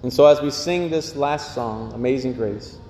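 A man's voice: medium pitch, moderate pace, darkish tone, a little hiss or hum. A man preaching a sermon as pastor, earnest and given to repeating phrases. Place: church. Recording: echoey church hall.

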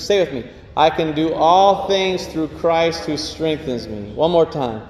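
A man's voice: fairly high pitch, moderate pace. A man preaching a sermon as pastor, earnest and given to repeating phrases. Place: church. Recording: echoey church hall.

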